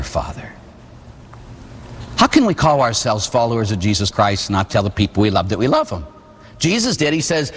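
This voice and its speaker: A man's voice: a little high, fairly bright tone, slightly rough. A Catholic priest in his forties from Pittsburgh gives a sermon full of personal stories, with humorous asides and a habit of tag questions. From Pittsburgh, USA. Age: 40s. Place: church. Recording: long church reverb.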